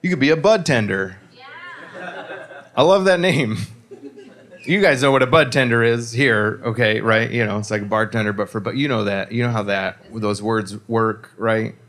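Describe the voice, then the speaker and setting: A man doing a stand-up comedy set, rambling through stories with self-deprecating asides and sudden loud punchlines, on a handheld mic in a comedy club. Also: mid-range voice, normal speed.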